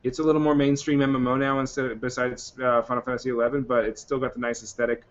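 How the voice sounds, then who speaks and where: A man's voice: mid-range voice, flat delivery, fast talker, highs cut off. A man co-hosting a casual movie podcast, rambling and retelling scenes. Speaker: podcast co-host.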